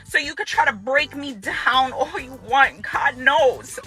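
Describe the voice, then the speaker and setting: A woman's voice: high-pitched, a little slow, sharp tone, faint music behind. A woman making an angry direct-to-camera statement to her ex-husband, confrontational and repeating phrases for emphasis. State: furious. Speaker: ex-wife speaking out.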